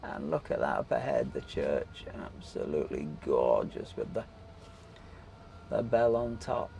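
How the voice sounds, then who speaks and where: Man, gravelly voice, chatty travel host, noisy car recording. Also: very deep voice, sing-song, unhurried, mellow. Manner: chatty and enthusiastic, admiring the scenery. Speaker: vlog host. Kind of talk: casual travel commentary while driving. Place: inside a small electric car on village streets.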